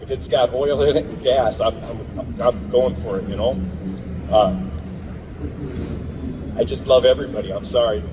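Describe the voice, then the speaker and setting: A man giving a humble, halting acceptance speech. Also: medium pitch, fairly even intonation. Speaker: award inductee. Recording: distant mic with noisy background.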